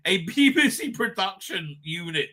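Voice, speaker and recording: A crude, rambling man hosts his own live stream, laughing often at his own jokes. His voice sits fairly high and sounds sharply bright. His pitch leaps around animatedly as he talks. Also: very animated, measured pace.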